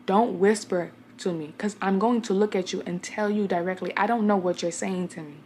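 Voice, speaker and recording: Young woman vlogger from Brooklyn, medium-pitched, blunt and chatty, talks straight to her viewers. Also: fairly even intonation, fairly quick, darkish tone, a little hiss or hum. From Brooklyn, New York. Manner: chatty, blunt storyteller addressing viewers directly. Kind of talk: casual talk to camera.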